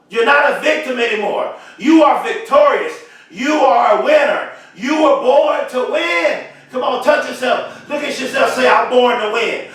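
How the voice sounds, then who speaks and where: A man giving an impassioned motivational speech, repeating phrases and swelling into shouts. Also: very high voice. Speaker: motivational speaker. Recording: very echoey, voice far from mic.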